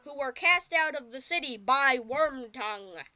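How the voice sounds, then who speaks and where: A woman's voice: high-pitched, animated, unhurried, pushed and bright. A young woman co-hosting a podcast, recapping a movie in a rambling, casual way, laughing often and slipping into tabletop game jargon. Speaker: podcast co-host.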